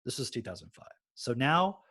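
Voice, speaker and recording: A man's voice: medium pitch, moderate pace, breathy edge. A man, a podcast host telling his story in casual chat and swearing freely. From Texas. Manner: swears freely, animated retelling.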